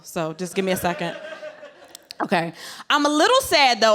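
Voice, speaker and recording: A woman's voice: on the high side, pushed and bright. A woman from Virginia Beach doing a stand-up comedy set, sassy and brash, punching her jokes with asides. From Virginia Beach, USA.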